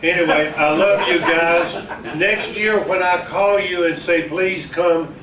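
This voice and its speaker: An older man with a fairly high voice, telling folksy, meandering stories with chuckles and restarts. He speaks to a crowd in a big echoey hall, picked up from a distant mic with a faint hiss. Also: steady tone, unhurried, a bit bright. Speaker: veteran broadcaster giving a speech. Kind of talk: rambling storytelling to an audience. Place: large echoey event hall.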